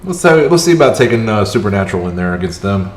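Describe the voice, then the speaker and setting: A man's voice: lowish voice, sing-song, quick pace. A man streaming a mobile strategy game, chatting with his viewers and talking through each move as it happens. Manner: chatty, reacts aloud to the match, chats with viewers. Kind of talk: live gameplay commentary. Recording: roomy echo.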